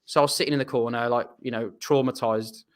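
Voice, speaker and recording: A man's voice: mid-range voice, steady tone, fast. English man telling a rambling story. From England. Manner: rambling anecdotal, self-deprecating. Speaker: guest footballer. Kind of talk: casual storytelling.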